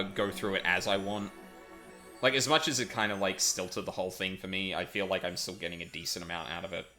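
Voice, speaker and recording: A man's voice: lowish voice, sharp tone. A man streaming, chatting casually and rambling with lots of fillers and self-corrections. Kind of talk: casual stream wrap-up chat.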